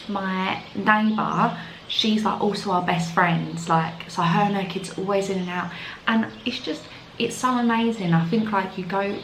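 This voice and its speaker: A woman's voice: mid-range voice, fairly bright tone, reverberant, slight background noise, poor audio. A young woman with a London accent chatting casually to camera as a vlogger, filling her talk with "like". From London, England. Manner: chatty, full of "like" fillers. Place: outdoors in the evening.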